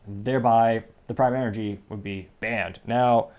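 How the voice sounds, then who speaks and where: A man's voice: on the low side, fairly even intonation, measured pace, muffled recording. Sarcastic American man hosting commentary. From United States. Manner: sarcastic, joking asides. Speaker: host. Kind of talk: casual commentary monologue.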